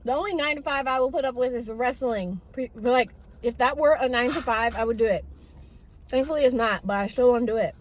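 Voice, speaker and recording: A woman's voice: sits high, fairly quick. Chatty young woman vlogging while eating. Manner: chatty, self-mocking, talks with mouth full. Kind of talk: casual rambling vlog while eating.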